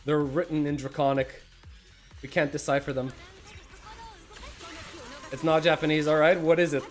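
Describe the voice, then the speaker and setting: A man's voice: on the high side, steady tone, moderate pace, soft background music. A man streaming a game, chatting casually, greeting viewers by name and snacking as he talks. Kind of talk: casual livestream chat.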